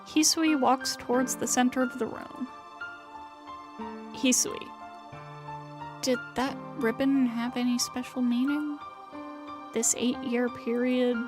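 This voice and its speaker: A woman streamer reading a visual novel aloud in a dramatic, hushed way, sometimes sinking into whispers. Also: sits high. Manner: slow and hushed, sinking into whispers in tense passages.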